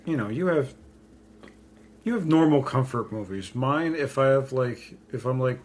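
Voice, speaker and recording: A man's voice: mid-range voice, lively intonation, moderate pace. A man co-hosting a casual podcast from home, joking and self-deprecating as he talks through a movie. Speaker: podcast co-host. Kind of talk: casual chat. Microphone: pink studio mic.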